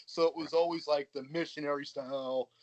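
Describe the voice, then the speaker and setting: Swearing freely, a man spins stories in a relaxed podcast conversation, speaking at a moderate pace in a mid-range voice. His manner is chatty and frank, and he frequently performs quoted voices. There's no echo, just slightly muffled, dry podcast audio.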